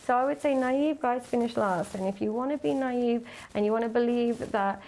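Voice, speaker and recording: A woman's voice: fairly high pitch, normal speed, a little mellow, slight background noise. A woman, giving analytical interview commentary and acting out quoted voices. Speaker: interview guest.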